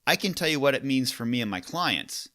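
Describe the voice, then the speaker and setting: A man's voice: mid-range voice, big pitch swings, brisk, bright, forceful tone, dry recording, clean studio sound. A man hosting a solo podcast as a coach, talking in a casual, wry, conversational way.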